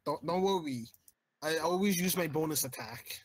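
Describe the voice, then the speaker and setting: A man's voice: a little high, normal speed. A man playing a tabletop game, describing his attacks in an offhand, laid-back way. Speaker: player. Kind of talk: casual chat at a game table.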